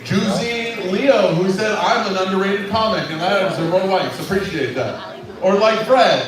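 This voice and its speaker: A man's voice: high-pitched, moderate pace. A man hosting an open mic, bantering with the crowd, teasing hecklers and introducing the next comic. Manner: brash and teasing, swears at online hecklers. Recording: echoey club from far off, with a loud crowd.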